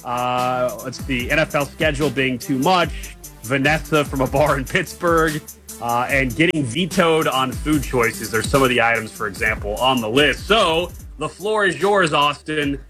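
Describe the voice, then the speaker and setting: A man's voice: medium pitch, a little slow, pushed and bright, soft background music. A man co-hosting a sports talk show, casual and bluntly dismissive. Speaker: podcast co-host.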